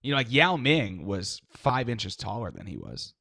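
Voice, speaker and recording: A man's voice: lowish voice, wildly swooping pitch, moderate pace, vocal fry, bright, forceful tone, no echo, studio quality. A young man co-hosting a crude comedy podcast, easygoing and rambling with lots of fillers. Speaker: podcast co-host.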